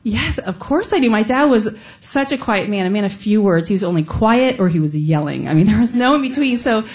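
A woman from Texas tells a personal story to listeners, earnest and conversational, with her voice sitting at an everyday middle pitch. The recording is a little dull and lo-fi. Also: lively intonation, fairly quick, a little mellow. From Austin, Texas, USA. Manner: earnest, conversational, with bursts of laughter.

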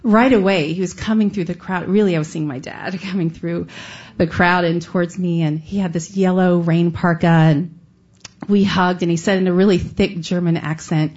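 A woman's voice: fairly low pitch, steady tone, moderate pace, a little mellow, dull audio. A woman from Texas telling a true personal story in an earnest, conversational way, now and then breaking into a laugh. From Austin, Texas, USA.

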